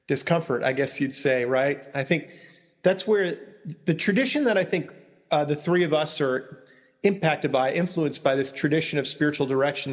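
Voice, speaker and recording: A man's voice: fairly high pitch, long reverb tail. A man from Long Island, a church consultant and speaker, talking thoughtfully in a casual conversation and often asking "right?". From Long Island, New York. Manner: thoughtful, reflective, many restarts and "right?".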